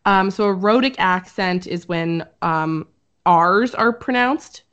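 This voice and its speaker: A woman's voice: fairly low pitch, slow, a bit bright, muffled recording. A woman hosting a casual podcast chat who explains a topic at length, with frequent ums and little laughs. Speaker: podcast host presenting research.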